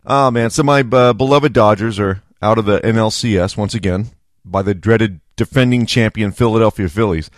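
A man's voice: on the low side, normal speed, no room sound, studio quality. A man hosting a podcast in a chatty casual monologue, laughing often. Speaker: podcast host.

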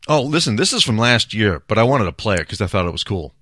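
Host: man, low voice, dry close sound, chatty and decisive. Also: very animated, quick pace, fairly bright tone, no echo. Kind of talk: casual solo talk, playing a food bracket.

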